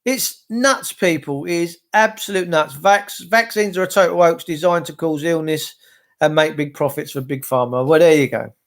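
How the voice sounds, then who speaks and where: A man with a high voice rants his way through a rambling livestream. He reads out viewer comments and answers them directly, rolling from one point to the next. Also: moderate pace. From England. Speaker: livestream host. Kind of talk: rambling live-stream monologue.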